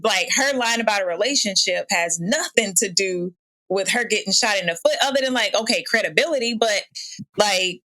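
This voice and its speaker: Woman guest on a podcast, bright voice, animated storyteller, acts out what people said. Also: medium pitch, moderate pace. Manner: animated storytelling, laughs often, acts out quotes. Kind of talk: casual chat.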